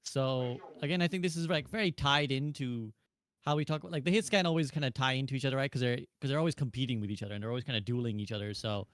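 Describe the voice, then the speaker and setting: A man hosts a casual gaming panel, moving the talk along briskly and putting questions to the others. He speaks quickly in a mid-range voice. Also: mid-range voice, no echo, clean studio sound. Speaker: host.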